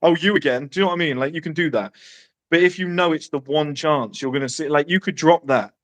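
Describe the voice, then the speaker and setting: Man, brash, swearing, casual podcast chat, slightly raised pitch. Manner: brash, swearing, quick one-liners. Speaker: podcast co-host giving dating advice.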